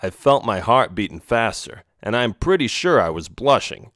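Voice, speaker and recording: Expressive man reading a children's story. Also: mid-range voice, normal speed, dry recording, clean studio sound. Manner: first-person, expressive. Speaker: audiobook narrator. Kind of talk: storybook narration.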